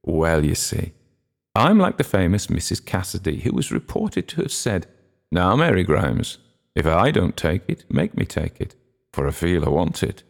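A man reading a storybook voices a jovial, tipsy older gentleman who jokes with sly mimicry. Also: deep voice, normal speed, in a large hall, close to an everyday voice. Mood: joking.

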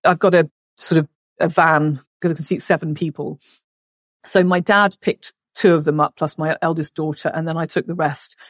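A woman's voice: sits low, moderate pace, dry recording, clean studio sound. A middle-aged woman, a podcast guest who tells a story and acts out the voices in it. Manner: animated, acts out the voices in her stories.

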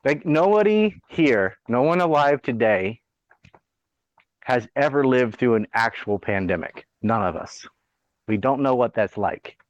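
A man's voice: medium pitch, lively intonation, a little slow, no room sound. Man ranting bluntly on dull, dry audio. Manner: blunt, profane, sarcastic ranting. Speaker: podcast host. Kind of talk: casual political chat.

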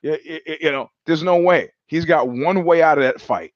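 Animated storytelling man on a podcast. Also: fairly high pitch, normal speed, no room sound, dull audio. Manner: animated storyteller, acts out quoted voices; swears freely, restarts sentences. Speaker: podcast host. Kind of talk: casual monologue.

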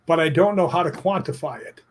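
A middle-aged man recounts a tale with lively energy, tossing in "right?" as he goes. His voice sits a little high and sounds husky and rough-edged. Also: fast talker. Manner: animated storyteller, tags lines with "right?". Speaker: stuntman and actor, guest. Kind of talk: casual storytelling interview.

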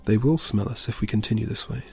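A man's voice: lowish voice, vocal fry, soft background music. A man voicing a large, stern, protective mother bear in a storybook reading. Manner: stern, measured.

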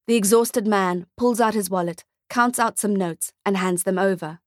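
A woman narrating a dark-humoured short story with a measured, scripted delivery. Her voice sits at a middle pitch for a woman and is recorded close and dry, with no room sound. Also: dry recording. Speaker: audiobook narrator.

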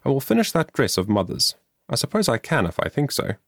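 A man reading an audiobook, voicing an earnest, devout young woman in a gently raised voice. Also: medium pitch, huge pitch swings, fairly quick, creaky, no room sound, studio quality, voice pushed up, heavily acted.

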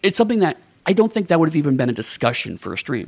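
Gravelly man with dry close sound. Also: on the high side, sing-song, fast talker, no room sound. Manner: reflective, fillers and hesitations. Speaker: podcast co-host, game master. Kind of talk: casual chat.

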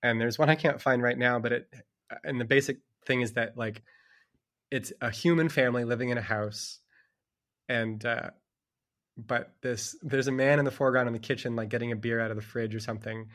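A man's voice: medium pitch, brisk, fairly bright tone. Rambling, chuckling guest author, a man. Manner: rambling, chuckling, heavy on "like" fillers. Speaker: children's book author and illustrator, guest. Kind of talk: casual conversation about books.

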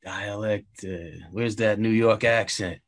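Slow-talking podcast co-host man. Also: lowish voice. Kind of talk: casual chat.

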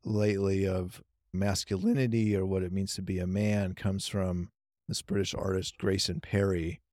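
A man hosting an interview, talking in a reflective, measured way and affirming his guest. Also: low-pitched, steady tone, a little mellow, dry recording, clean studio sound. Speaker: podcast host. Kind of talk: conversational interview.

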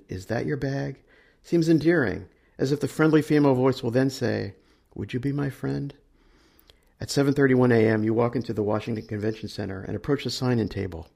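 A man narrates a short story in a dry, measured way. His voice sits low and is gravelly and husky, with a rough, fraying edge. It suits a literary podcast reading. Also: a little mellow. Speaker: story reader.

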